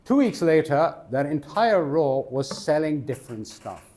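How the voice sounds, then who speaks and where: A man's voice: on the high side, unhurried. A man giving a conference talk in a conversational storytelling way, asking the audience questions as he goes. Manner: animated, asks the audience questions. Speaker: conference speaker. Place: conference stage.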